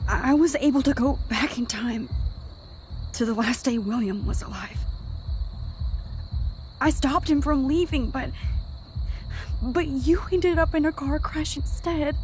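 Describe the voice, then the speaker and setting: A woman's voice: sits high, unhurried, pauses often, darkish tone, faint music behind. Max, a woman voicing an anxious teen girl. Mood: distressed. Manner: hesitant, stammering. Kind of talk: game voice acting.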